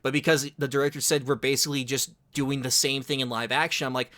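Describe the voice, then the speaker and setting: A man's voice: mid-range voice, level tone, quick pace, sharp tone. A man co-hosting a podcast, chatting casually with wry, sarcastic asides. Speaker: podcast co-host. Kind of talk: casual chat.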